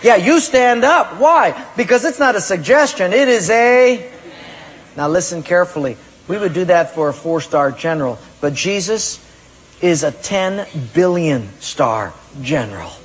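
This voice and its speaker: High-voiced preaching man, husky, echoing hall. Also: animated, measured pace. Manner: emphatic preaching, acts out excuses in a raised voice. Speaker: pastor. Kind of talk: sermon.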